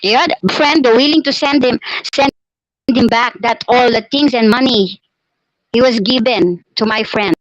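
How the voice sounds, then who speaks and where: A woman's voice: on the high side, unhurried, no echo, dull audio. A woman telling a personal story on a live chat, hesitant, full of fillers and restarts. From Philippines. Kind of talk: casual live-stream storytelling.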